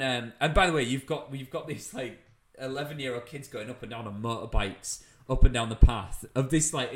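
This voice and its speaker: A young British man, a comedian, telling a funny anecdote in casual chat, laughing as he goes. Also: medium pitch. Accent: British English. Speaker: comedian guest.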